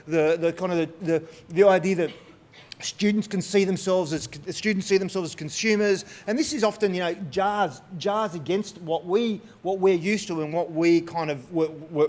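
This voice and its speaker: A man giving a humorous, self-deprecating conference talk on stage in a large hall, full of restarts and asides. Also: sits high. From Australia. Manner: lively, joking, self-deprecating, many restarts. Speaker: conference speaker.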